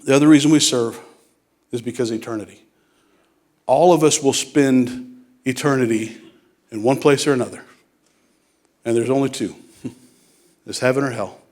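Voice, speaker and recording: A man preaching a sermon as a guest speaker in a church, joking and animated, then hushed and earnest in prayer. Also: mid-range voice, moderate pace, pauses often. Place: church sanctuary. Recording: clear music in background.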